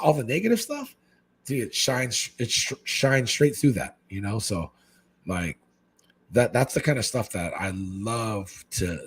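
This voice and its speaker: Husky excitable man chatting. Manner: excitable, says "man" constantly, jumps into high animated quoted voices. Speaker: guest, fish-keeping content creator. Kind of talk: casual podcast chat.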